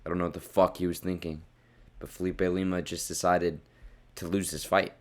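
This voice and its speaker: Deep-voiced young man ranting about fights. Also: little pitch movement, moderate pace. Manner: blunt, profane, worked-up rants. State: losing his voice. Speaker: fight reviewer. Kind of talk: casual fight recap.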